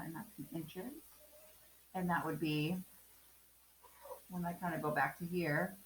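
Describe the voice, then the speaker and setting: A woman's voice: on the low side, a little hiss or hum. Chatty woman teacher, echoey room. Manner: chatty, many ums, talks through steps. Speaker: math teacher. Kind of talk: remote class lesson.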